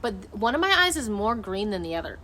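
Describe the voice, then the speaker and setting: A woman's voice: mid-range voice, very animated, fast talker, sharp tone, slight background noise. Rambling, emotive woman streamer outdoors. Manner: rambling, emotive, swears freely. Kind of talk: casual chat. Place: outdoors at night. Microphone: phone camera.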